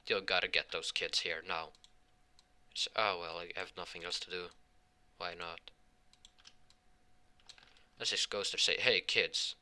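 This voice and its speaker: Man, improvised storyteller; halting, rambling delivery, very bright, tense tone. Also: sits low. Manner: voices the characters' lines in his own voice. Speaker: fan fiction storyteller. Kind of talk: improvised fan fiction storytelling.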